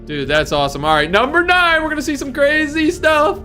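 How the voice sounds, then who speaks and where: A man hosting a reaction video, excitable and blurting exclamations at the viewers. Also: extremely high pitch, brisk, music in the background. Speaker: YouTube reaction host. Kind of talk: casual reaction commentary.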